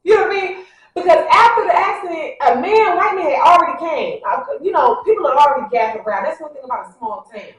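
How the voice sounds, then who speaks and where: A woman vlogger telling a story casually to her viewers, animated and acting out what people said. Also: high-pitched, quick pace. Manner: talks straight to the audience, addressing them directly. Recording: very echoey, a bit far from the mic.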